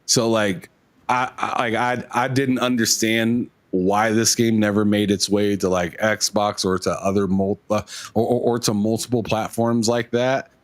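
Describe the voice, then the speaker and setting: A man's voice: lowish voice, fairly even intonation, unhurried, no echo. A man co-hosting a casual gaming podcast, rambling and teasing his friends. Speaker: podcast co-host.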